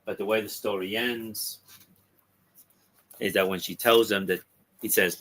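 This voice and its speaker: A man on a talk podcast casually retelling a comic's story, halting with ums and restarts. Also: on the low side, fairly even intonation, a bit bright. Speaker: podcast co-host discussing comics.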